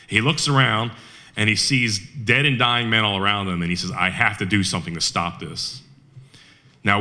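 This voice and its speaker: A man telling a war history story at a Veterans Day event, animated, with rhetorical questions and frequent restarts. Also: lowish voice.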